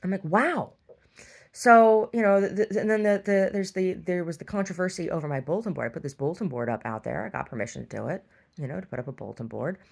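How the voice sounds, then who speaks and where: A middle-aged woman, the owner of a store, tells a long rambling tale and grows exasperated, restarting again and again. Her lowish voice is gravelly with a darkish tone, and she talks at a quick pace in this casual monologue.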